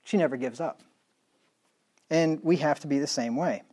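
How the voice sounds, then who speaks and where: A middle-aged male pastor preaching a sermon emphatically, reading scripture slowly and dropping into quiet asides. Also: on the high side. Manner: emphatic preaching, reads scripture in slow measured tones, drops to quiet asides.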